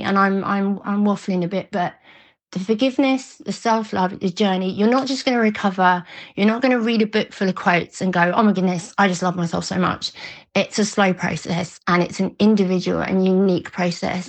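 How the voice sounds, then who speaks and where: A middle-aged woman, a recovery coach, answering interview questions in an emphatic, fierce way with frequent restarts. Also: mid-range voice. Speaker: guest.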